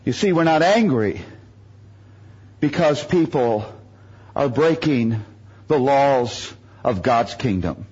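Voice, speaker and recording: A man's voice: mid-range voice, animated, slow pace, pauses often, darkish tone, husky, dull audio. A man from the United States preaching a sermon, telling humorous stories and making self-mocking jokes.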